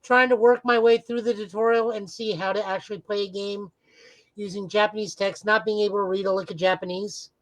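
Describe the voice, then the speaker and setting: A man's voice: sits high, little pitch movement, fairly quick, a bit bright, rough recording. A man co-hosting a casual podcast, talking at length in an enthusiastic, rambling way. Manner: rambling, enthusiastic fan talk. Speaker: podcast co-host.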